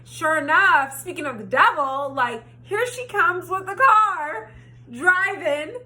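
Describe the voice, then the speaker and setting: A young woman telling a story in a casual, animated way, swearing freely and acting out what she said. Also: very high-pitched, slow. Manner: animated, swears freely, acts out her own quotes. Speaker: storytime vlogger.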